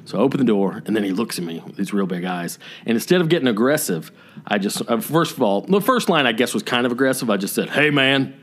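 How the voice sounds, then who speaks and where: A man's voice: lowish voice, quick pace, a little hiss or hum. A middle-aged man, co-host of a podcast, telling a story in casual chat and acting out what people said. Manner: animated storyteller acting out quotes.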